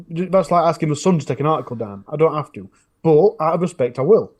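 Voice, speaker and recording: A man's voice: on the high side, fast talker, a little mellow. A man with a Northern English accent, chatting casually on a podcast about his true crime channel, telling stories in a rambling way with many restarts. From northern England. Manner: rambling storytelling with frequent restarts.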